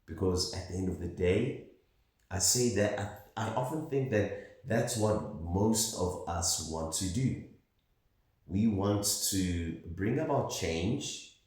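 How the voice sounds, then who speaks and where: A South African-born man vlogging in an earnest, rambling monologue with pauses. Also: low-pitched, a little mellow. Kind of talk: casual monologue to camera. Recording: very echoey, far from the mic.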